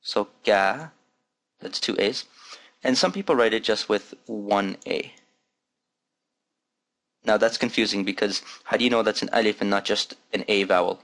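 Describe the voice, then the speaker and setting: Patient male teacher, low voice. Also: creaky, fairly bright tone. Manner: patient, demonstrates sounds slowly and repeats them. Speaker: Arabic teacher. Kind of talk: recorded language lesson.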